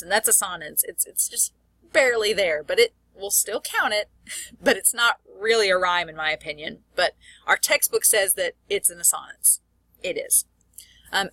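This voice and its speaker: Bright, dry-voiced woman lecturing. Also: mid-range voice, dry recording. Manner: explanatory, reads example words slowly with stress; casual with fillers. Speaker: college English instructor. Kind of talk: recorded lecture.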